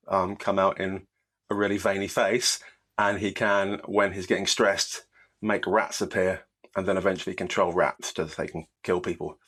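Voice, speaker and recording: A man's voice: deep voice, a bit bright. A man co-hosting a casual podcast, talking enthusiastically in long run-on lists. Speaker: podcast co-host.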